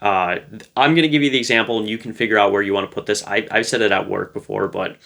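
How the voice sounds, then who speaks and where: A man's voice: on the low side, fast talker, creaky, fairly bright tone. A man giving casual relationship advice to camera, talking in a loose, playful way with lots of fillers. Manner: loose and conversational, full of fillers; playful, light-hearted.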